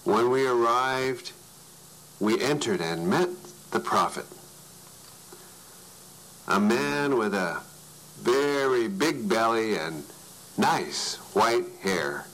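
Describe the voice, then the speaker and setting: A man narrating a story in an animated way, his voice swinging widely for emphasis. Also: medium pitch, slow, low-quality recording.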